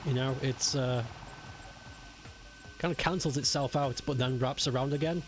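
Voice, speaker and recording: A young British man talks in a steady, mid-range voice at a moderate pace as he streams a game. He keeps up casual gameplay commentary, chatting, joking, swearing, and laughing with viewers over game music.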